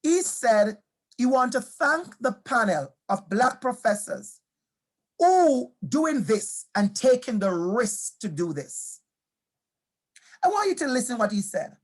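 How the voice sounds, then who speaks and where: Here a man speaks in a very high, sing-song voice at a slow pace. Addressing teachers with motivational intent, he mixes in personal stories. He's emphatic, returns to key phrases, poses questions and talks straight to the people listening.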